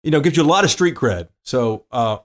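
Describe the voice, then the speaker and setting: A man's voice: medium pitch, expressive, brisk. Folksy ribbing male podcast co-host. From Tennessee. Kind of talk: casual chat.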